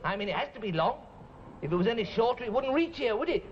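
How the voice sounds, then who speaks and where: A man voicing a cheeky, excitable male fox puppet who jokes and giggles a lot, heard on a dull 1970s TV recording with a studio audience. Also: quick pace, a little hiss or hum. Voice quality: high, giggly, punning.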